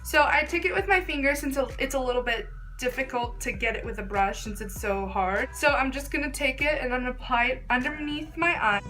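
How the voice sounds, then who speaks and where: Bright high-voiced young woman vlogger. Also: fairly quick, few pauses, faint music behind. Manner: chatty, gushing, filler-heavy "like". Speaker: beauty vlogger. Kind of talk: casual makeup tutorial.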